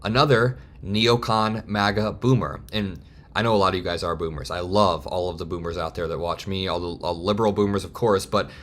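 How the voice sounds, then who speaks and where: A man in his twenties giving heated, fast political commentary straight to camera. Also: low-pitched, a bit bright. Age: 20s. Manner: heated, fast, worked-up ranting.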